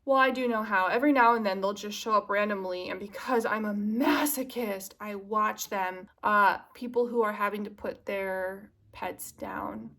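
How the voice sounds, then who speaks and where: A woman's voice: mid-range voice, steady tone, moderate pace, few pauses, a bit bright. Chatty young woman confiding to camera. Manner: chatty and confiding, drifting from self-mocking jokes to earnest musing. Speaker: vlogger. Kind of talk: casual chat to camera.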